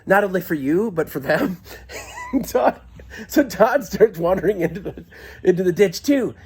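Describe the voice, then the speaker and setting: Male comic storyteller, husky voice with a lively, swooping pitch; excitable, giggly, filmed on a handheld camera. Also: a little slow. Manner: excitable, giggling, shouts quoted lines.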